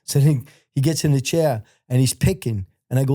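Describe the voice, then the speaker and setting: A man with an American accent telling his life story in a casual interview, blunt and profane, growing animated when he quotes other people. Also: mid-range voice, brisk, no room sound, studio quality.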